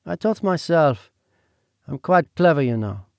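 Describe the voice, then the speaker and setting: A man's voice: fairly high pitch, lively intonation, measured pace, vocal fry, smooth, dry recording, pitched above the performer's own voice. A man voicing a clever, prim fifteen-year-old French girl with a French accent, speaking in a poised, precise way. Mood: composed. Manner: poised, precise, lightly teasing.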